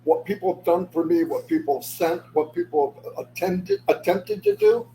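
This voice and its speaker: A man talks loosely and warmly to his viewers in a slightly raised pitch, wandering off topic and pulling himself back with a quick "anyway." Soft background noise sits under his voice. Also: steady tone, poor audio. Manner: rambling, loses his thread; says "anyway" often to move on. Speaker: livestream host. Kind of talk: casual livestream chat.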